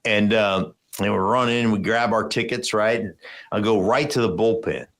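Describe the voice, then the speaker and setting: A middle-aged man hosting a casual sports podcast, telling stories animatedly and acting out other people's voices. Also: normal speed. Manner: animated storyteller, acts out voices in big jumps of pitch. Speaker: podcast host, former football player.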